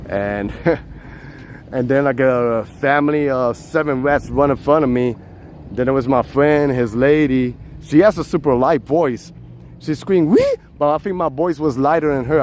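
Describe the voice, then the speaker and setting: A man live-streaming as he walks a city street outdoors, chatting to viewers in a relaxed way and laughing often, on a handheld phone. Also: mid-range voice, slight background noise. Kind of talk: walking live-stream chat.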